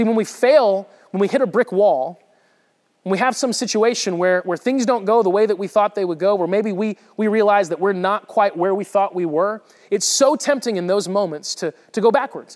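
A man's voice: high voice, darkish tone, in a large hall. A man giving a conversational sermon, retelling a Bible story with frequent restarts and repeated words. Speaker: preacher.

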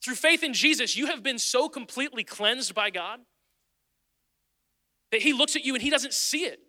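A man's voice: very high-pitched, lively intonation, moderate pace, sharp tone, in a large hall. A male pastor preaching a sermon in a church, in an earnest, conversational way that repeats phrases for emphasis. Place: church sanctuary.

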